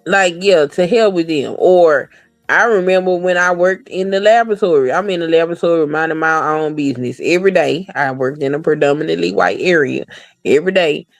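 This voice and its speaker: A woman talking in a casual podcast chat, blunt and profane, telling animated stories. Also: low-pitched, a little fast, dry recording, soft background music, rough recording.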